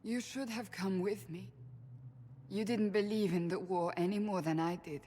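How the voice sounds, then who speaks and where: A woman's voice: medium pitch, steady tone, moderate pace, dark tone, close to an everyday voice. A woman playing a stern warrior woman. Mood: solemn. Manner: firm, clipped and serious. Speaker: game character. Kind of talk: video game dialogue.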